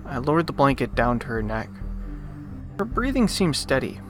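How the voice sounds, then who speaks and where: A man hosting a let's play, reading a visual novel's narration aloud and breaking off into animated, joking rants. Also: medium pitch, moderate pace, faint music behind. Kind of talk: reading game text aloud with commentary.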